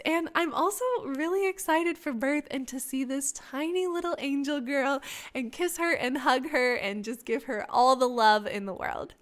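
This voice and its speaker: A woman's voice: sits high, a bit bright. A young woman hosting a podcast, telling a personal story in a chatty, emotional way with lots of filler words. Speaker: podcast host. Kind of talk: casual storytelling.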